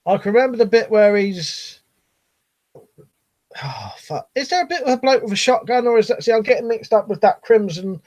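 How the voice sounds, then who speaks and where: Middle-aged male streamer, loose rambling chat with casual swearing, fairly high voice. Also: lively intonation, moderate pace, a little mellow. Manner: rambling, swears casually, reads comments aloud.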